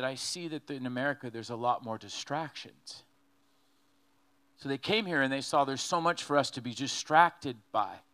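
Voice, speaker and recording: A man preaching a sermon in an animated, joking way, acting out quotes as he goes. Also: mid-range voice. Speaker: pastor.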